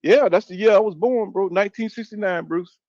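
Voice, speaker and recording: Reading viewer comments on his boxing channel's live stream, a man in his fifties chats loosely and profanely and talks back to chat. His voice is high, a little mellow and fairly quick. It's recorded lo-fi without echo.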